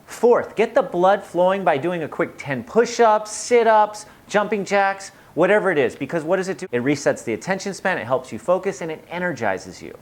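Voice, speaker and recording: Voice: medium pitch, sing-song, normal speed, hardly any pauses. A playful, jokey host giving upbeat tips for working from home.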